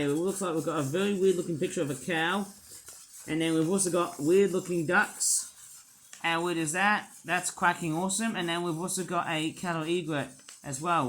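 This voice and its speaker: In a rough recording, a man with a slightly high, somewhat bright voice unboxes and reviews toy figures. His commentary rambles, packed with puns and filler words.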